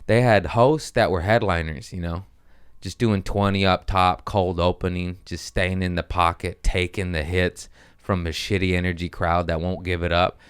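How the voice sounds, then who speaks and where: Male comedian host, deep resonant voice, crude casual storytelling. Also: moderate pace, smooth, no echo, studio quality. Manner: animated storytelling with crude language. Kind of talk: casual monologue.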